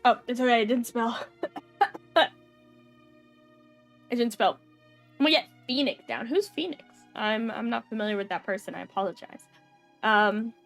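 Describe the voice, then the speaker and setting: A woman's voice: on the high side, moderate pace, gravelly, pauses often, fairly bright tone, soft background music. A young adult woman chatting casually on a live stream, rambling with lots of fillers and giggles. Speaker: VTuber streamer.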